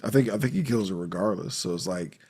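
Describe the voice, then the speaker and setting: A man's voice: deep voice, quick pace, darkish tone, husky. A man co-hosting a podcast, recapping a film in casual, profane chat and acting out the characters' lines with big jumps in his voice. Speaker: podcast co-host.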